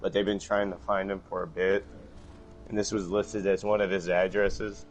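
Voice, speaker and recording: On a live stream, a man chats casually and tells animated stories, acting out phone calls in raised voices. His voice sits low and moves at a moderate pace, with soft music playing behind him.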